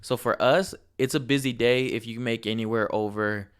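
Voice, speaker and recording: A man's voice: medium pitch, steady tone, normal speed, clear, resonant tone. A man co-hosting a casual podcast chat, blunt and profane, talking about his grocery store job. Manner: blunt and profane, laid-back. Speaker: podcast co-host.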